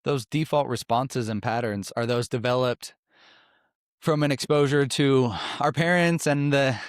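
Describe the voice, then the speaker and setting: A young married man hosting a podcast, talking candidly and haltingly about his own life. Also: medium pitch, fairly even intonation, clean tone, no room sound, studio quality. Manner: candid, halting, with many restarts. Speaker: podcast host. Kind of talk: casual chat.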